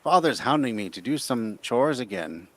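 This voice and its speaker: A man's voice: mid-range voice, expressive, normal speed, lightly acted. A man voicing a whiny, pompous spoiled young inventor while reading his note aloud.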